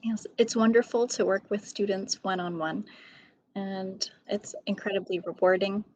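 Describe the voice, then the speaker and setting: A woman author and educator answering interview questions in a measured way, with many ums. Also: medium pitch, steady tone, darkish tone, dry recording, poor audio.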